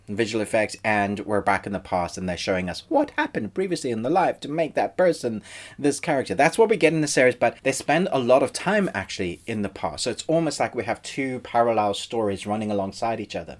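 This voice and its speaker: Chatty male TV review host. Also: on the low side. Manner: chatty and conversational, thinks aloud. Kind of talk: casual spoken film review.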